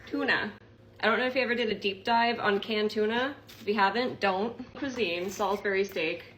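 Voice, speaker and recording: A woman's voice: mid-range voice, normal speed, fairly bright tone, low-quality recording. A woman talking to her phone about grocery prices, exasperated and sarcastic. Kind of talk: grocery haul rant. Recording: clear background noise.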